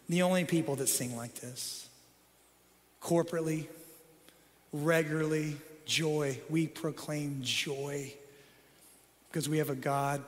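A middle-aged male pastor with a high voice delivers a sermon, sinking to soft, low passages and then climbing to excited peaks. His voice carries a long reverb tail through a church sanctuary. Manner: dynamic preaching, swinging from soft low tones to excited peaks.

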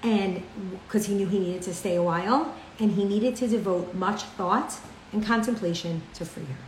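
A woman's voice: medium pitch, moderate pace. A woman teacher telling a story and leading a religious lesson, chatty with frequent fillers. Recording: roomy with faint ambient noise.

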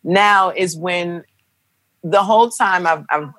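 A young woman casually telling a dramatic personal story, animated and acting out the voices of the people in it. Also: on the low side, slow pace, no echo. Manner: animated, acts out quoted voices. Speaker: guest telling a birth story.

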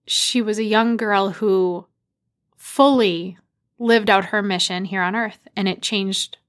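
A woman in her thirties from the Boston area tells a personal story. Her voice sits at an average pitch. She lives the story as she goes, bringing the dialogue to life with animated energy. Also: slow pace. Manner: animated, acts out quoted dialogue.

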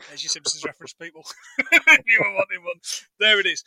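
A man's voice: high voice, expressive, a little fast, bright, forceful tone, no room sound, poor audio. A man co-hosting a casual film recap, rambling and joking and acting out lines from the movie. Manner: rambling, jokey, acts out quotes. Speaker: podcast co-host.

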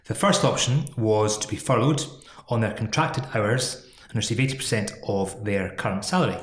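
A man's voice: fairly low pitch, moderate pace, echoey room. A man co-hosting a casual chat about an employment law case, teasing his partner and laughing often. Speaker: podcast co-host.

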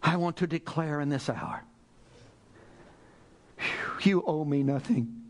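An older male preacher delivers a fervent sermon in a high-pitched voice. He drops to near-whispers, then climbs back into loud, pleading prayer. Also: takes it slowly, pauses often. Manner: fervent, swinging from hushed murmurs to loud pleas.

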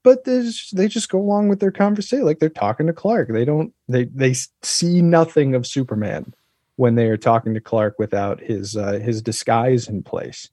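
A man talking about a TV episode in a relaxed, thoughtful podcast chat, with frequent fillers. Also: mid-range voice, moderate pace, no room sound, studio quality. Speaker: podcast co-host. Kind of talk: casual chat.

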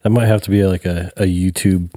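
A man's voice: deep voice, little pitch movement, brisk, mellow, no room sound. A man co-hosting a casual podcast chat, laid-back and swearing freely. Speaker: podcast co-host.

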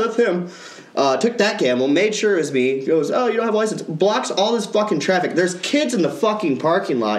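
Animated swearing man telling a story. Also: fairly high pitch, roomy sound. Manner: profane, animated ranting. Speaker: podcast co-host. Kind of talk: casual storytelling.

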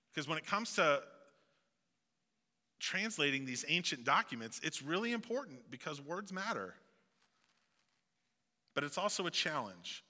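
A male pastor with a Southeast Missouri accent preaches a sermon conversationally, slipping in joking asides. His fairly high voice sounds pushed and bright, and the church sanctuary adds a long hall reverb.

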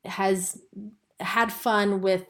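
A woman speaking as a podcast guest and pediatric acupuncturist, in a measured, reflective way with frequent "um"s. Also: medium pitch, fairly even intonation, fairly bright tone. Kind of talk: conversational interview.

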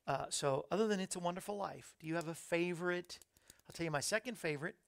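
Gravelly man hosting live. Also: sits high, fast. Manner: chatty, reads viewer comments aloud, upbeat asides. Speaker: show host. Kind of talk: casual live-stream chat. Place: small studio under hot lights. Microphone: studio microphone.

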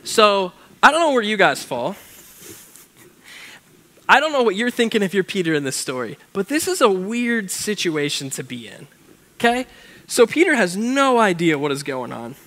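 A man's voice: sits high, very animated, normal speed, bright, forceful tone. Chatty man preaching a casual sermon. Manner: chatty, joking asides, reads scripture aloud. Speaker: pastor.

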